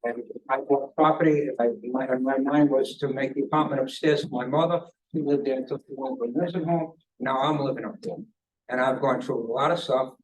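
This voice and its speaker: An older man giving rambling public comment at a hearing, full of anecdotes and halting restarts. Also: on the high side, far from the mic, poor audio. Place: government conference room.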